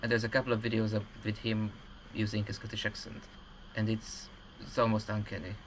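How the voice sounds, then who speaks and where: A man's voice: fairly low pitch, monotone, a little fast, a little hiss or hum, rough recording. A man co-hosting a casual livestream chat, explaining things at length with lots of fillers and restarts.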